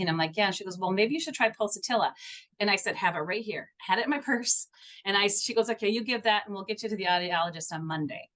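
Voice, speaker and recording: Earnest middle-aged woman telling a story. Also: medium pitch. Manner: earnest, animated storyteller with frequent restarts. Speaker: guest homeopath. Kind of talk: podcast interview storytelling.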